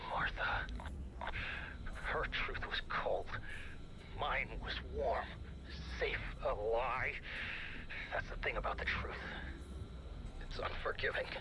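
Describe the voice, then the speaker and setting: An actor playing a grim male defector in a video game, speaking low and hushed. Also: slow, long pauses, whispered, low-quality recording. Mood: brooding.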